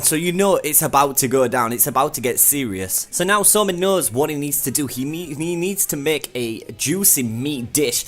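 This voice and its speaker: A man's voice: medium pitch, fairly bright tone. A young man recapping and reviewing an anime episode in a casual, rambling way, full of fillers. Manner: chatty, rambling, with frequent fillers and "like".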